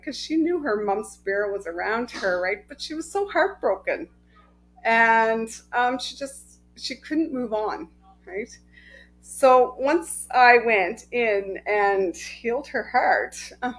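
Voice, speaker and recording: A middle-aged woman energy healer telling personal stories in a casual, heartfelt way, with many pauses and a frequent "right?". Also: a little high, a bit bright, low-quality recording. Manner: slow, heartfelt, with many ums and rhetorical "right?". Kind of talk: casual storytelling to camera.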